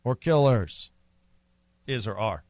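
A man's voice: mid-range voice, lively intonation, slow, darkish tone, no room sound, studio quality. A young man co-hosting a radio show, chatting casually and teasing while calling golf shots in passing. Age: young adult. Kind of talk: casual sports radio chat.

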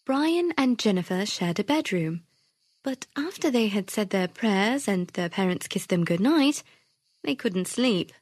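A woman reading a devotional children's story in a gentle, expressive way. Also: medium pitch, measured pace, dry recording.

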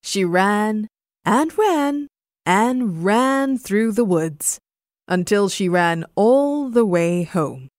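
A young woman reading a bedtime story slowly and with lots of lilt in her voice. The sound is close and dry, like a small studio booth. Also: medium pitch, no room sound. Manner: slow, expressive reading. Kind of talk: scripted bedtime story narration.

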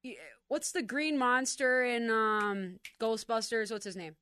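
A woman's voice: on the high side, steady tone, sharp tone, clear, resonant tone. A woman hosting a radio show, chatting casually with playful, joking banter. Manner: playful, jokey, quick banter. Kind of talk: casual on-air chat.

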